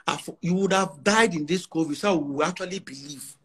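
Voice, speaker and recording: A Nigerian musician in his forties speaks in an interview in Nigerian English mixed with Pidgin, emphatic and boastful and often repeating himself. His voice is a little high and fairly quick.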